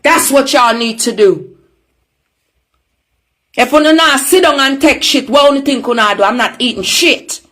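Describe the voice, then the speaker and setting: Jamaican woman ranting angry online, high voice, swearing and yelling a lot. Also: a little slow, long pauses. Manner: furious, profane, shouting insults. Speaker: social media personality. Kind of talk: angry social media rant.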